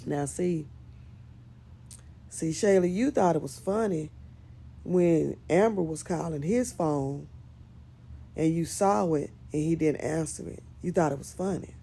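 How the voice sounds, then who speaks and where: A woman's voice: deep voice, unhurried, creaky, pauses often, warm tone, slightly rough. A woman giving casual commentary on a skit series, emphatic and scolding as she talks straight to one of the characters.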